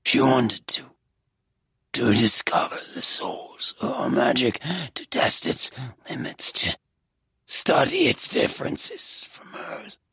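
A reader voicing a broken, guilt-ridden young man who was held captive, in a whispered role-play, hushed, halting and grave. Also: medium pitch, wildly swooping pitch, vocal fry, slightly rough, no echo, exaggerated voice. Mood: haunted whisper.

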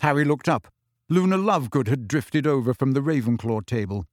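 A man's voice: medium pitch, animated, no room sound. Man narrating a storybook, dry sound. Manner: measured storytelling. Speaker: audiobook narrator. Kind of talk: scripted narration.

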